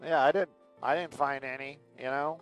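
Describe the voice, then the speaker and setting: A man's voice: medium pitch, steady tone, normal speed, clean tone, highs cut off, soft background music. A man hosting a live aerial stream, telling a casual, rambling story full of fillers and acted-out quotes. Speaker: aerial news pilot and livestream host.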